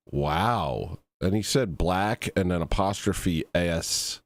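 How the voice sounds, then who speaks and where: Slow, low-voiced man hosting a goofy stream. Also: dry recording. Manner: silly, self-mocking, with sudden high squeals and laughs. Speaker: livestream host. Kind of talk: rambling comedic livestream chat.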